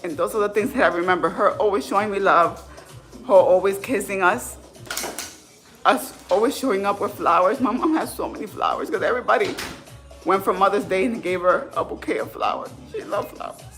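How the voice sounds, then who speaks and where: A woman's voice: mid-range voice, brisk, a bit bright, faint music behind. Candid woman in her thirties vlogging. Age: 30s. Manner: candid, heartfelt, conversational. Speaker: fitness vlogger. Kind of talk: casual livestream talk.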